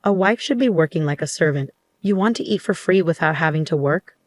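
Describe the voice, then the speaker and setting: A woman's voice: lowish voice, expressive, brisk, a little mellow, no echo, natural voice. A woman voicing a bossy cruel mother-in-law. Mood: scolding. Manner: scolding, commanding.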